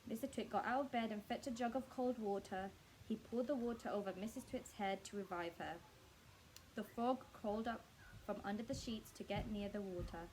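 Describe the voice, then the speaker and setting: A woman reading a children's book aloud in a staff room, expressive and speaking directly to her young listeners. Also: mid-range voice, normal speed, slight background noise, low-quality recording. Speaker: storyteller.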